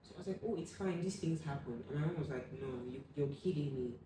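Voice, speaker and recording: A young adult woman telling a personal story as an interview guest, acting out what people said with sudden loud high bursts. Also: fast, far from the mic. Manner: animated, acts out quoted voices with sudden loud high bursts. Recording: echoey room, voice from off the mic, faint room hum.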